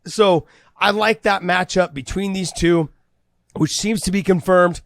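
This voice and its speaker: Man, high voice, excited, fast-talking podcast co-host, dry close mic. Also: creaky, no echo. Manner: excited, fast-talking, acts out quoted dialogue. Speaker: co-host, former fighter. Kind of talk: casual podcast chat.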